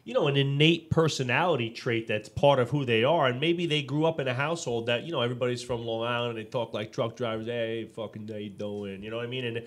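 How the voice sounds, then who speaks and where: A man's voice: mid-range voice, fast talker, hardly any pauses. A man co-hosting a casual business podcast, telling stories with animation, acting out quotes and restarting his sentences often. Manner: animated storytelling, acts out quotes; frequent restarts and fillers. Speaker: podcast co-host.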